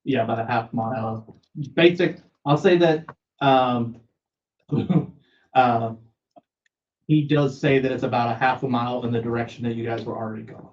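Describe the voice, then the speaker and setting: A man's voice: medium pitch, moderate pace, long pauses, a little mellow. A man acting as game master, narrating a tabletop game in a rambling, hesitant way with lots of fillers. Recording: roomy, dull lo-fi audio.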